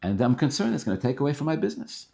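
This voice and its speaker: A man voicing a worried, stubborn middle-aged butcher who speaks in a hushed, pleading way. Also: mid-range voice, sing-song, rapid-fire, gravelly. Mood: anxious.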